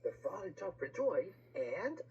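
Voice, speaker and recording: A woman reading a rhyming picture book aloud, with lively pauses and asides to the listener. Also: fairly low pitch, highs cut off, slight background noise.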